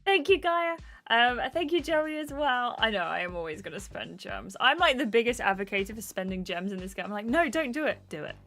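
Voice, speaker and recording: Brief: bubbly woman livestreamer, animated pitch, faint music underneath. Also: brisk, hardly any pauses. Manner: bubbly, giggly, chatting with viewers. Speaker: gaming streamer. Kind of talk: casual livestream chat.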